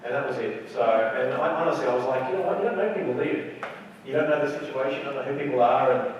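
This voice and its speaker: A man giving a lecture to a convention audience, telling a story in an animated way and acting out what others said. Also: medium pitch, fast talker, muffled recording, slight background noise. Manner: animated storytelling with acted-out quotes. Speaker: wedding photographer giving a lecture. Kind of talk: anecdotal stage talk. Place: large convention hall. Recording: echoey hall recorded from far off. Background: audience laughter.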